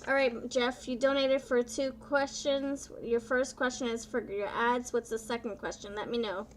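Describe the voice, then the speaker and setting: A woman tarot reader chatting live with her viewers, bubbly and playful, often excited and drawing her words out. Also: on the high side, moderate pace, slight background noise. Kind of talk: casual live-stream chat with viewers.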